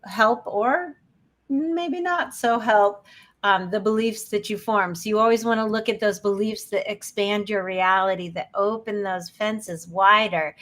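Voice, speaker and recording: A woman's voice: medium pitch, a bit bright. A woman hosting a podcast, speaking in an emphatic, motivational coaching manner. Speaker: podcast host. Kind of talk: podcast interview.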